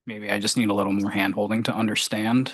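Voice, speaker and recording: A committee member politely asking about slide figures at a budget meeting. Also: male voice, on the low side, little pitch movement, fast talker, a bit bright, husky, no echo. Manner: polite, inquiring. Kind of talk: meeting question.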